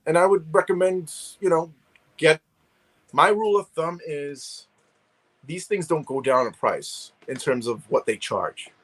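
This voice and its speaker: A man's voice: a little high, unhurried, a bit bright, poor audio. A man chatting casually over a video call, rambling with many restarts. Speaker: guest collector. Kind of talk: casual chat.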